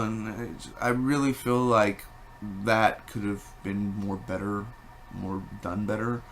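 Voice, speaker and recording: A man giving a casual spoken movie review, rambling and animated, with many fillers and restarts. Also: lowish voice, slow, a little hiss or hum.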